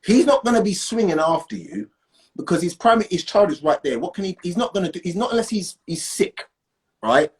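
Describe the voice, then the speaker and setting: Animated man, lively pitch. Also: fairly quick. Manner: animated, emphatic, asks "right?" often. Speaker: guest. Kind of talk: casual conversation.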